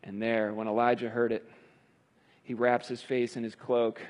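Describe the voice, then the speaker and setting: A man's voice: medium pitch, little pitch movement, normal speed, a little mellow. A male preacher retelling scripture in a conversational sermon with emphatic stresses. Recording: long hall reverb.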